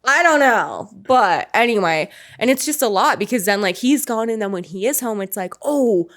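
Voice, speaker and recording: A woman's voice: mid-range voice, expressive, normal speed, a bit bright. A woman chatting as a podcast guest, telling swearing, joking stories and acting out quotes. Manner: swearing, joking storyteller who acts out quotes. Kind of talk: casual chat.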